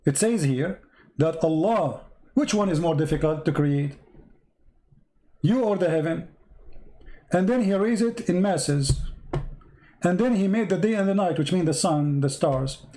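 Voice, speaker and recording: A man hosting a live stream debate, insistently repeating his questions to a caller and reading verses aloud, his voice going hoarse. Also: a little high, lively intonation, a little slow, long pauses, mellow, poor audio. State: losing his voice.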